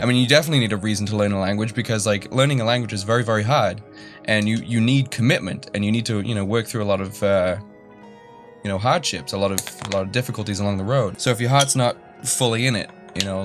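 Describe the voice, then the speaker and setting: Rambling young man telling a story. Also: fairly low pitch. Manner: rambling, self-deprecating, many fillers and restarts. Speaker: YouTuber. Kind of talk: casual storytelling.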